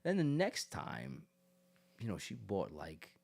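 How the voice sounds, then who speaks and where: A man voicing a young college man who quietly confides about a girlfriend, speaking low and hushed. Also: huge pitch swings, takes it slowly, creaky, heavily acted. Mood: confiding.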